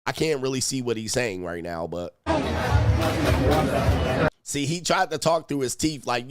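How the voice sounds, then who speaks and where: A man hosting a casual reaction commentary, animated and profane, with laughing asides. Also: medium pitch, moderate pace, pauses often, clear, resonant tone, no echo, clean studio sound, faint music behind. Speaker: commentary channel host.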